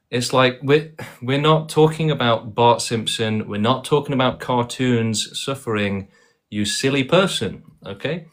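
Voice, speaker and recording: A man in his thirties running a casual debate stream. He sounds dismissive and keeps repeating himself, stumbling through ums and restarts. His voice sits at a middling pitch. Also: measured pace, a bit bright. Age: 30s. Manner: dismissive, repetitive, frequent fillers and restarts. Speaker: livestream debate host.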